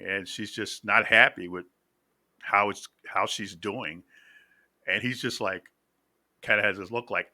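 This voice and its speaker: A man hosting a reaction video, chatting casually and pausing often to find his words as he recounts a story. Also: fairly low pitch, bright, forceful tone, no echo, clean studio sound. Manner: halting, pauses to find words; storyteller acting out quotes.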